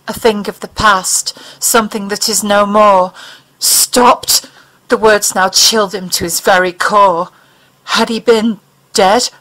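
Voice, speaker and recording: A woman reading a dramatic fiction audiobook, expressive and leaning into tense moments. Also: mid-range voice, rough recording. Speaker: audiobook narrator.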